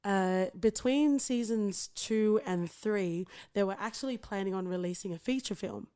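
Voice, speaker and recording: A woman's voice: medium pitch, moderate pace, dark tone, clear, resonant tone. Playful Australian woman podcast host. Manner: laughing, playful and profane. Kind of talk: casual chat.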